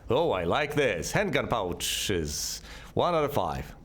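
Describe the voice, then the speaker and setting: A man's voice: medium pitch, sing-song, slow pace, fairly bright tone, a little hiss or hum. A man giving sarcastic gameplay commentary and talking back to the enemies on screen. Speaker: let's play host.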